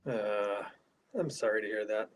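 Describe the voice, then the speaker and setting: A man who keeps up a haunted hospital, talking casually and keeping his voice low in an interview, with a headset inside the building. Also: fairly even intonation, a little slow, low-quality recording. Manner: talks quietly, keeping his voice down. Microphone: earpiece headset.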